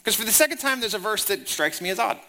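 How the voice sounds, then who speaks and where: A man preaching a sermon, retelling the text in a conversational, animated way. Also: high-pitched, quick pace. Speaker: pastor.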